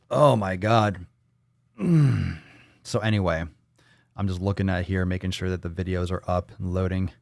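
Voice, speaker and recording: Low-voiced man on a casual live stream. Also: darkish tone, no room sound, studio quality. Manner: loose, profane and joking, reading chat aloud.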